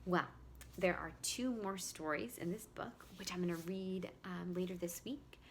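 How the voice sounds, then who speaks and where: A woman, a preschool teacher, reading a picture book aloud at home, expressive and talking directly to young children. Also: lowish voice, a little slow, a little hiss or hum.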